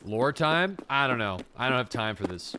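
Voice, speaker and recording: A man from the Canadian Maritimes chatting casually on a game stream, rambling and laid-back. He swears freely in a mid-pitched voice over a faint hum of noise and clicks. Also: lively intonation, normal speed. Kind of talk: casual chat while gaming.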